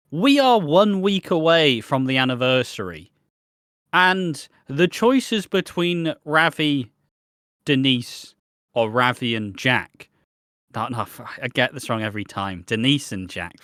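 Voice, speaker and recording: A man's voice: medium pitch, sing-song, measured pace, fairly bright tone, no echo, clean studio sound. A man co-hosting a podcast, rambling through a soap recap and swearing freely. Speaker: podcast co-host. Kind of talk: casual chat recapping a soap.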